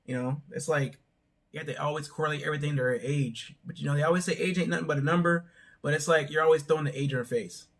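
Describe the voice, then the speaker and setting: Man, young adult, channel host, casual recap talk, rambling, fairly high voice. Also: fairly even intonation, fast talker, fairly bright tone. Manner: rambling, hedging with frequent "I don't know". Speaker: show reviewer, channel host.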